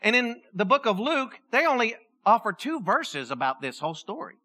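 A woman pastor preaching a sermon in church in a lively, joking way, acting out voices as she tells the story. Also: fairly high pitch, moderate pace. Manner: animated, joking, acts out voices.

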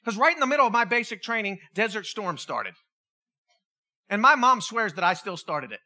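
A middle-aged preacher giving a sermon as an animated storyteller who acts out quoted voices and adds jokey asides. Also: medium pitch, normal speed, pauses often.

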